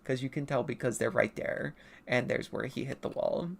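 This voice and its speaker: A woman streamer casually talking through her own comic pages in a self-mocking, giggly, rambling way. Her voice sits low. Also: fairly even intonation, moderate pace, vocal fry, breathy edge. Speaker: artist streaming.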